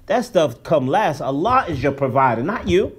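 Male religious teacher, high-pitched, very animated delivery, casual street-level phrasing, emphatic. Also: normal speed, slightly rough. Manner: animated, colloquial, emphatic preaching. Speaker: Islamic teacher. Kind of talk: religious lesson.

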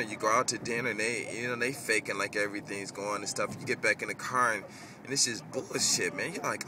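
A man's voice: on the low side, fairly quick, noisy background. A man ranting casually in a vlog, rambling and cursing as he tells stories. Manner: profane, rambling, animated storytelling. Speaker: vlogger. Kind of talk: casual rant.

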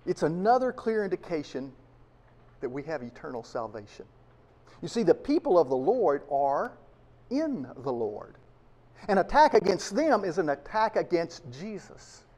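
A man's voice: high voice, big pitch swings, moderate pace, mellow. A man preaching a sermon to his congregation, emphatic and full of rhetorical questions. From United States. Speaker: pastor.

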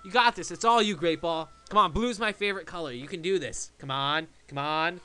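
A man commentating his own gameplay in a casual way, shouting and pleading at the game as he plays. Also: a little high, fairly quick, few pauses, clear, resonant tone, soft background music. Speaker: let's play gamer.

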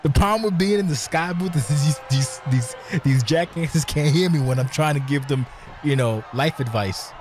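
A man's voice: fairly high pitch, normal speed, darkish tone, soft background music. A man doing brash color commentary for a video game wrestling show from a commentary booth, hurling profane insults at the wrestlers and laughing at their mistakes.

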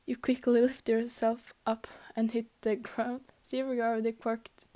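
A woman's voice: fairly high pitch, flat delivery, unhurried, dark tone. A young woman reading a fanfic aloud in a casual, amateur way, stumbling and restarting, sometimes slipping into a whisper. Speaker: fanfic reader.

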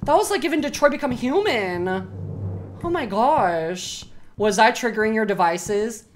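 A young woman streaming a horror game, swearing freely and breaking into yells and laughter as she talks to her chat. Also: a little high, very animated, a little fast, slight background noise. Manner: loud, swearing, bursts into yelling and laughter. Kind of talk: live gameplay commentary.

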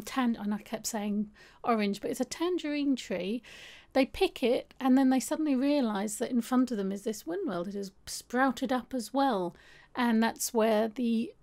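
A woman's voice: a little high, darkish tone. Self-critical woman, rambling. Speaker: art vlogger. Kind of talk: casual talk over a drawing video.

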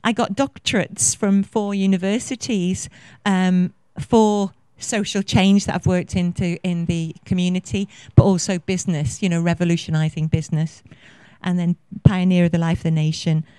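A woman's voice: on the low side, steady tone, normal speed, mellow, clear, resonant tone, no room sound. Passionate woman in her fifties. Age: 50s. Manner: effusive and passionate, rambling with many fillers. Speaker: conference speaker. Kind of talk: conference talk. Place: conference venue.

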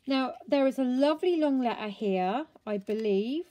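A woman's voice: fairly high pitch, animated, a little slow, hardly any pauses, darkish tone. A woman vlogger chatting casually to camera about a craft parcel, gushing and exclaiming with delight.

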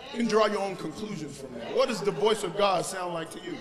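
High-voiced preacher in an echoing church. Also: male voice, fast. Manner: animated storytelling, building to shouts. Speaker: pastor. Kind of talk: sermon. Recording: long church reverb, congregation heard.

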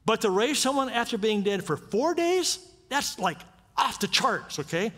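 A male pastor delivers a sermon in an animated, conversational style at a moderate pace, his fairly high voice swinging widely in pitch. He repeatedly checks in with rhetorical questions, and a long church-hall reverb follows his words.

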